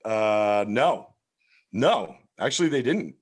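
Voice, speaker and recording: A comedian with a low-pitched voice spins a story in a loose, swearing, animated way. He acts out every line of dialogue as he goes, in a relaxed, casual podcast manner. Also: takes it slowly, slightly rough.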